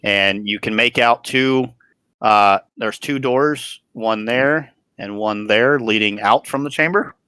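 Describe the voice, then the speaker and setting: Dungeon master, male, low and bright, halting scene-setter on a dry close mic. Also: clean tone, dry recording. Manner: halting, many restarts and fillers. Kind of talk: narrating a tabletop game.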